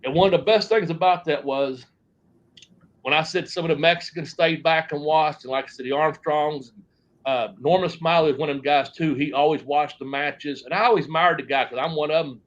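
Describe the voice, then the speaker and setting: In a lengthy shoot interview, an ex-wrestler rambles through his stories, swearing and trailing off before starting again. His voice is a little high and a little fast, and the audio is dull.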